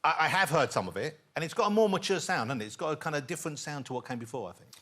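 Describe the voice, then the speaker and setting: A man's voice: a little high, animated, very noisy. A man hosting a talk show, asking his guests teasing questions. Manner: teasing, quick-fire questions. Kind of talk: chat-show interviewing. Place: TV studio with an audience.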